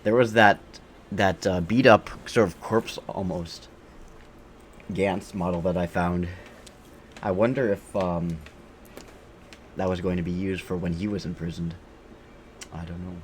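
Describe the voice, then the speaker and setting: Male streamer, very deep voice, rambling offhand commentary while he plays. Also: steady tone, unhurried, long pauses, a little hiss or hum. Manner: rambling, offhand, thinks aloud with frequent fillers. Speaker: game streamer. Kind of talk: casual live-stream game commentary.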